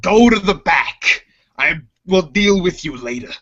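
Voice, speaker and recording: A man voicing a gruff, four-armed male alien mechanic boss in a tabletop space game, hearty with friends and bossy with his crew. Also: on the high side, animated, measured pace, bright, forceful tone, dull audio, full character voice. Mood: scolding. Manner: hearty, then bossy and scolding.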